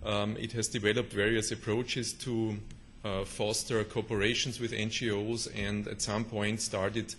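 German-accented male presenter, monotone, faint hiss behind. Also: fairly low pitch, measured pace. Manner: hesitant, many fillers and restarts. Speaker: conference speaker. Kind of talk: conference presentation.

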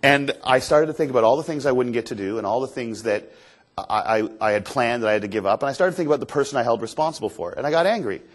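A man from Canada telling an animated, self-deprecating story as a motivational speaker on stage. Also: mid-range voice, fast. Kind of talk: storytelling keynote talk on stage. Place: stage before an audience.

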